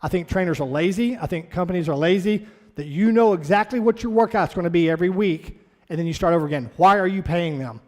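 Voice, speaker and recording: Blunt high-voiced fitness trainer in an echoey hall. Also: male voice, fast. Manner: blunt, motivational, talks straight to the group. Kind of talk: orientation talk to a class. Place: fitness studio classroom.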